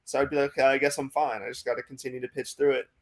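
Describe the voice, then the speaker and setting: Young american guy telling a story, pretty monotone, lots of likes and ums. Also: mid-range voice, very fast. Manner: rambling, many fillers like "like" and "um". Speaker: minor league pitcher, guest. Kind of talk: casual interview storytelling.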